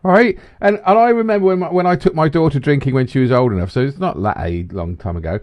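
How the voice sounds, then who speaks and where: A man's voice: fast talker, a little mellow, no room sound. A man in his forties co-hosting a casual podcast, talking with lots of stumbling restarts. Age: 40s. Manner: stumbling restarts, swings from low grumble to high. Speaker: podcast co-host. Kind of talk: casual banter.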